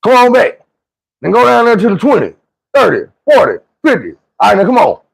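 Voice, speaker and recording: A man voicing a stern male football coach who barks orders at his players in a loud, commanding voice. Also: high voice, huge pitch swings, fairly quick, vocal fry, husky, voice pushed up, full character voice. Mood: barking commands.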